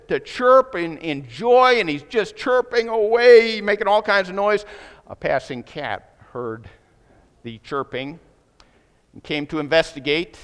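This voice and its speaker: A man preaching with a fairly high voice that lifts when he acts out the people in his story. His words ring out in a large hall with a long echo behind them. He is a pastor delivering a sermon. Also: unhurried, clean tone. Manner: storytelling preacher, voices quoted speakers with rising excitement.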